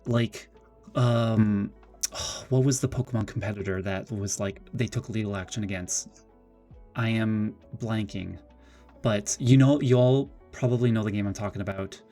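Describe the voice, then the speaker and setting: A man's voice: lowish voice, unhurried, soft background music. Exasperated man ranting on a live stream. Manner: animated, exasperated ranting with many restarts. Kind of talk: casual live-stream commentary.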